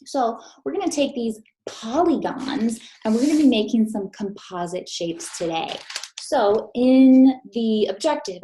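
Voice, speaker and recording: A woman's voice: on the high side, dark tone, a little hiss or hum, low-quality recording. A woman teacher giving a recorded math lesson to third graders, patient and encouraging, speaking straight to her students.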